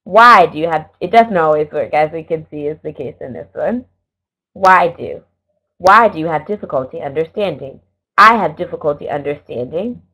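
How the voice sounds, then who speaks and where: Low-voiced woman teaching English. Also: lively intonation, sharp tone. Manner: slow, careful explaining with small self-corrections. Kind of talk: online English lesson. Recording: dull lo-fi recording.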